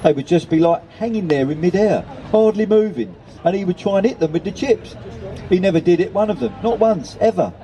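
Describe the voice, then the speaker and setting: A man's voice: high-pitched, fairly quick, mellow, pitched above the performer's own voice, natural voice. A man reading aloud, voicing a chatty old woman who fondly recounts a homely tale. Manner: rambling, homely storytelling.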